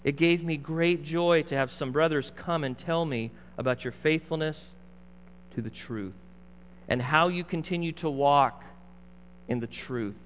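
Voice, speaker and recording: Man, middle-aged, pastor, preaching, conversational and emphatic, somewhat high pitch, dull muffled sound. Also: a little slow, a bit bright, slight background noise. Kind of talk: sermon. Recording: muffled sound in a large reverberant hall.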